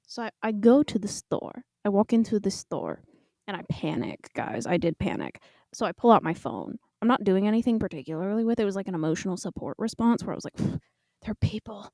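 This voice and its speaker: A woman's voice: mid-range voice, lively intonation, brisk, creaky, dark tone, no room sound. A woman in her twenties, a podcast co-host, tells a rambling story in a chatty, self-mocking way. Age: 20s.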